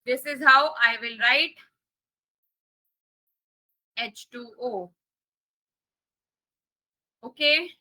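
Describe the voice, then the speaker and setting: A woman's voice: high voice, extremely slow, pauses often, bright, forceful tone, low-quality recording. A woman with an Indian English accent teaching a live coding lesson, repeating key points and checking that students understand. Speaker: coding instructor.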